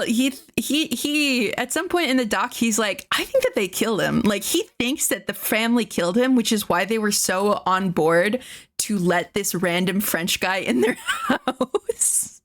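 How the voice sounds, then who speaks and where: A woman streaming live, recounting a story in loose casual chat. Her voice sits a little high, and she rambles through fillers and swear words, breaking into laughs now and then. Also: a bit bright. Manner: rambling, full of fillers and profanity, laughs often.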